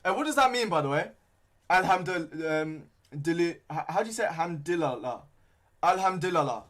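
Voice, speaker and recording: A young man giving live, excitable fan commentary on a football match, full of slang and shouting at big moments. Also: fairly high pitch, moderate pace. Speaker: fan commentator streaming a watchalong.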